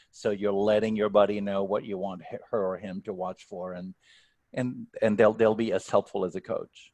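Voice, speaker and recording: This guest coach has a lowish, slightly mellow voice with fairly even intonation and a moderate pace. Speaking over a video call during an online workshop Q&A, he answers questions with care and tends to repeat words when starting a sentence.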